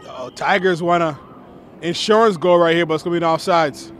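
A man doing play-by-play commentary for a local soccer game, excitable and chatty, shouting on big plays. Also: a little high, a little fast, slight background noise. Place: press box at an outdoor soccer game.

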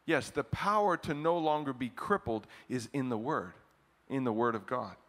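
A middle-aged man preaching a sermon as pastor to his congregation, animated, often chuckling, with his voice jumping up for emphasis. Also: medium pitch. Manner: chants a scripture refrain slowly, leading the congregation. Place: church service in front of a congregation.

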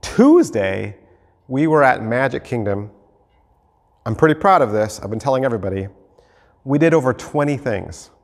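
Animated pastor preaching in a reverberant hall. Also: male voice, medium pitch. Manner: animated, acts out the disciples and Jesus in quick voices. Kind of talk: sermon. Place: church sanctuary.

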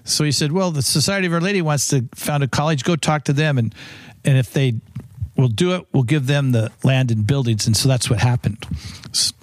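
Rambling storytelling priest, dry close sound. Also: male voice, mid-range voice, fairly quick, no echo. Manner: rambling anecdotes with many restarts. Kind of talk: storytelling interview answers.

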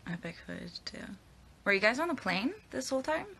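A woman's voice: medium pitch, very animated, fairly quick, creaky, pushed and bright, slightly rough. A young woman answering fan questions in a casual live Q&A, rambling and hesitant as she stumbles over her words. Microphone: phone at arm's length.

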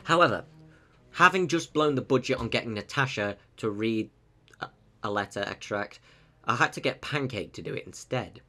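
A man's voice: mid-range voice, animated, normal speed, bright, forceful tone. Fields: Sex: man. Role: video host. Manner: joking, sarcastic. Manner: jokey, sarcastic asides. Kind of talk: comedic educational narration.

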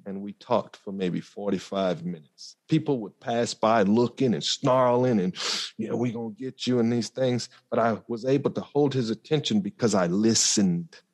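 A man's voice: lowish voice, a little mellow. Earnest man telling a story. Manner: earnest, reflective, many pauses and fillers. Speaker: podcast guest. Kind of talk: conversational storytelling.

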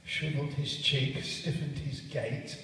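A man narrating a story live with a jazz band, with relaxed, chatty asides. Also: on the high side, unhurried, distant mic. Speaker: narrator and musician. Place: church, live performance. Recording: echoey church from afar.

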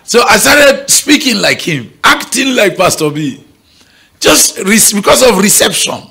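In a sing-song, high voice that's slightly rough with vocal fry, a pastor with a Nigerian accent preaches a little slowly. The setting is a church morning prayer meeting, and his sermon is bright and emphatic as he keeps checking the audience is following.

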